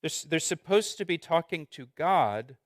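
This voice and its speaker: A man's voice: on the high side, lively intonation, moderate pace, dry recording, studio quality. A man preaching an expository sermon as pastor, earnest and conversational, often restarting and repeating words.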